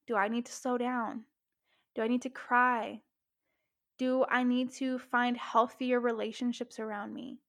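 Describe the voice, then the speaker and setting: A woman's voice: fairly high pitch, fairly bright tone. A young adult woman hosting a casual self-help talk, candid and emphatic, swearing freely and saying "like" often. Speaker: podcast host.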